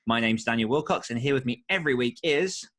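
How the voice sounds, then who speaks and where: A man's voice: medium pitch, lively intonation, brisk, a bit bright. A man hosting a podcast in casual chat, easygoing and bantering. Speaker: podcast host.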